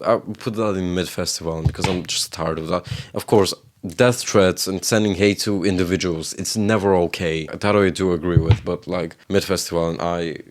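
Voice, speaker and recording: A man hosting his own video, giving blunt, sassy and opinionated commentary in a deep voice. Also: steady tone, moderate pace, hardly any pauses, faint music behind. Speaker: video host. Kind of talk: casual commentary rant.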